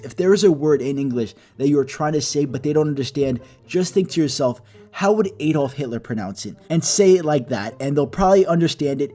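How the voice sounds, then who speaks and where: Brief: young male storytime narrator, profane and lively, slightly high pitch, light music bed. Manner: profane, animated, self-mocking. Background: soft background music.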